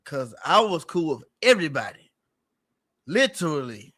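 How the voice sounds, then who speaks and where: A man's voice: on the high side, sing-song, normal speed, fairly bright tone. A man talking casually on a livestream, rambling and repeating himself in an earnest, aggrieved way. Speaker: streamer guest.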